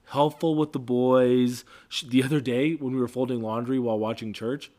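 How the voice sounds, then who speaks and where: A man's voice: mid-range voice, fairly even intonation, moderate pace, darkish tone. A man co-hosting a casual podcast, backing up his partner's stories with short agreements. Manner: supportive, chiming in with short agreements. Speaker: podcast co-host and father. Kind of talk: casual chat.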